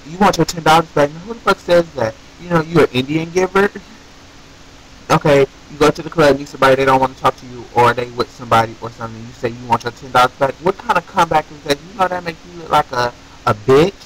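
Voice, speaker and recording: A young man telling a story to his viewers in a casual, animated way, swearing and ranting with rhetorical questions. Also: on the high side, fast talker, husky, poor audio. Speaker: vlogger.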